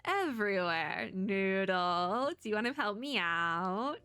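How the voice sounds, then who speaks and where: A woman's voice: mid-range voice, lively intonation, takes it slowly, sharp tone, clean tone, no room sound, exaggerated voice. A woman reading the lines of a squeamish male sheep who is a ghost scientist. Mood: grossed out. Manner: reading lines aloud, dramatic.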